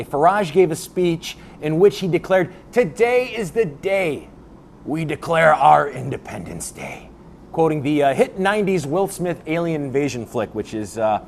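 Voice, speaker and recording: Sarcastic guy doing a fake news monologue, kinda high voice, lots of ups and downs. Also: a little mellow, slight background noise. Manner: sarcastic, laughs at his own jokes. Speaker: host.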